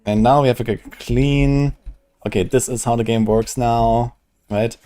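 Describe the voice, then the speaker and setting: A man's voice: medium pitch, fairly even intonation, measured pace, dark tone. A man in casual live-stream chat who speaks bluntly and emphatically and swears freely.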